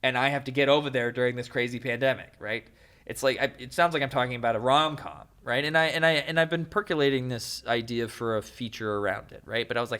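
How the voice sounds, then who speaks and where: Young guy on a podcast, lively storyteller, laughs a lot, does little voices, mid pitch. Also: quick pace, clean tone. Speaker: podcast guest, filmmaker. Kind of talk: casual interview chat.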